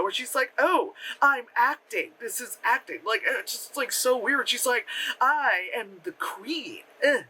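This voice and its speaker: Animated, bright-voiced movie reviewer. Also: sits high. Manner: animated, profane, laughs often, many fillers. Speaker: effects artist. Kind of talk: casual spoken film review.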